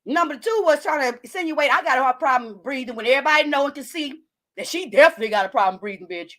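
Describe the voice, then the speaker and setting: A woman's voice: high voice, lively intonation, fast, a bit bright. A woman hosting a live stream, brashly and profanely calling out a viewer while reading the chat. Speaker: livestream host.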